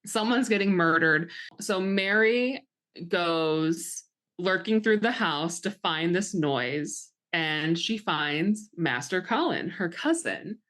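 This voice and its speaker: A laid-back woman with a fairly low voice co-hosts a casual podcast chat. She laughs often and chimes in with quick agreement while retelling scenes. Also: expressive, fairly bright tone. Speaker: podcast co-host.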